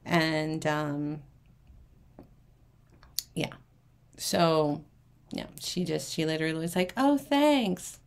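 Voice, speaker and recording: A woman's voice: low voice, takes it slowly, creaky, long pauses, smooth. Woman, live-auction host, casual chat, storyteller who acts out quotes, mutters asides. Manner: chatty, acts out quoted people in a lively way. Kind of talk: live shopping stream, chatty.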